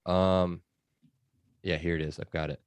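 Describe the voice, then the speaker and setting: Very deep-voiced casual podcast host. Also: male voice, flat delivery, a little slow, clear, resonant tone, no echo. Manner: chatty, loose, lots of fillers. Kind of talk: casual sports chat.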